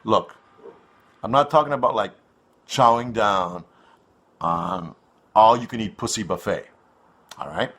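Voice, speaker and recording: A man from North America rants through a loose, foul-mouthed monologue for his online show. His voice is bright and forward, and it keeps looping back on itself with you-knows and likes. He talks like he is holding court. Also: on the low side, measured pace, long pauses. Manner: crude, swearing, rambling with many fillers. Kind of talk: rambling profane monologue.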